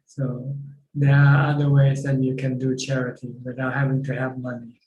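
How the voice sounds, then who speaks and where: A man teaching as a Buddhist monk, answering questions over a video call in a plain, halting way. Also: medium pitch, completely flat delivery, darkish tone, echoey room, dull audio. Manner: plain, repeats words while searching for phrasing. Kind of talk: dharma talk answering questions.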